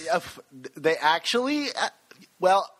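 A man's voice: high-pitched, big pitch swings, measured pace, fairly bright tone. A man co-hosting a casual podcast, reading listener reviews and joking with his co-host. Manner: playful, reads listener reviews aloud.

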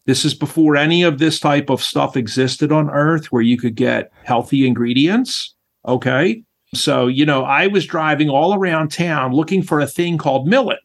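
Middle-aged man, raised pitch, animated storyteller who acts out voices; interview guest. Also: normal speed. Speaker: former White House chef, guest.

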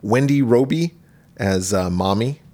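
A man's voice: mid-range voice, lively intonation, a little slow, warm tone. A man in his forties chats through a horror film review, reading cast names and credits. His voice sits in a middle register and he drops swear words freely. His co-host's laughs sit between his lines. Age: 40s. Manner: reads cast lists, swears often, laughs. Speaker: podcast co-host. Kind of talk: casual movie review chat.

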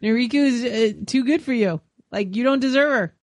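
A woman's voice: on the high side, moderate pace, no room sound. A woman co-hosting a podcast, making wry, teasing remarks in casual chat. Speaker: podcast co-host.

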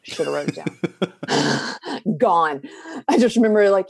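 A woman from the southern United States speaks with a Southern accent in a relaxed podcast chat. Her voice sits a little low, and she is candid, laughs easily and lets sentences trail off. The sound is close and dry. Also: measured pace, gravelly, breathy edge, no echo. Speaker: guest. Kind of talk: casual podcast conversation.

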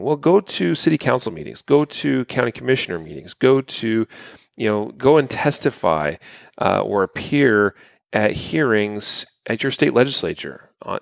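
A man's voice: mid-range voice, gravelly, no echo, clean studio sound. A man co-hosting a podcast, chatting casually through the news with plenty of fillers. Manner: relaxed, many fillers. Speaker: podcast co-host.

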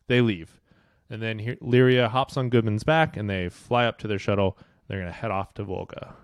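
Laid-back man podcast co-host, low voice. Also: fairly even intonation, moderate pace, smooth, no echo, studio quality. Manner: laid-back, laughs often, swears casually. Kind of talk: casual book recap chat.

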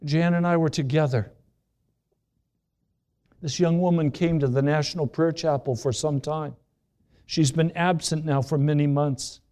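Earnest preacher guy, fairly high voice, lots of questions, slows down to hit points. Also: steady tone, warm tone. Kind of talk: sermon.

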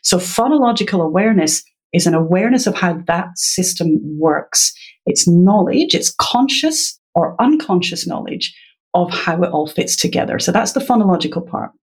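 A woman's voice: on the low side, animated, normal speed, a little mellow, husky. A woman guest in an interview, patiently explaining in a teacherly way and laughing now and then. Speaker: literacy educator guest.

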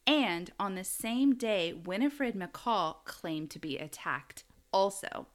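A woman co-hosts a casual true-crime podcast, speaking slowly and expressively at a medium pitch. She rambles, giggles, and laughs often as she talks.

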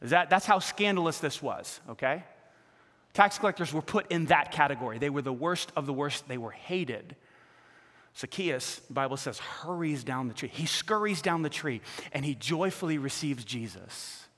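A male pastor preaching a sermon with animated delivery, acting out the voices of people in the stories he tells. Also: fairly high pitch, normal speed, big-room sound. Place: church sanctuary.

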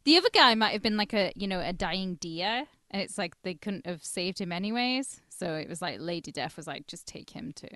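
A woman co-hosts a comedy podcast, trading wry, teasing banter. Her voice moves around a lot in pitch as she talks. The recording is close and dry. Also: expressive, brisk, hardly any pauses, a bit bright, dry recording. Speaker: podcast co-host. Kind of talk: casual comedic chat.

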